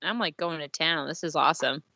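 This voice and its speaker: A woman's voice: sits low, brisk. A woman playing a character in a tabletop game, rambling with many fillers and casual swearing. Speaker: player. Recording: dull lo-fi mic with faint noise.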